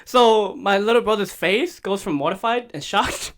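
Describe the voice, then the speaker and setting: A man's voice: high voice, moderate pace. A young man telling a funny family story on a casual podcast, laughing often and acting out the quoted voices. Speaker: podcast co-host.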